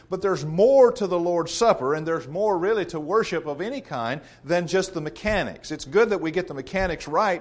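Guy giving a sermon, earnest and measured, kinda high voice, keeps repeating lines to hammer it home. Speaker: preacher.

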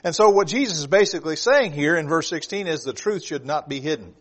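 A middle-aged man preaching a sermon in a fairly high voice. He starts calm and then rises to loud, emphatic points, often repeating a word as he restarts. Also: quick pace. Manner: repeats words when restarting.

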